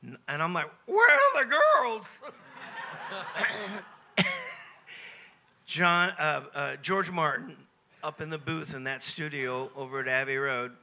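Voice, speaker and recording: Bright-voiced older American man telling stories. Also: fairly high pitch, moderate pace, creaky, slight background noise. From United States. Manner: lively, self-mocking, chuckles between phrases. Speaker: interview guest. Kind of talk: anecdotal Q&A storytelling. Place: Q&A session on a cruise ship.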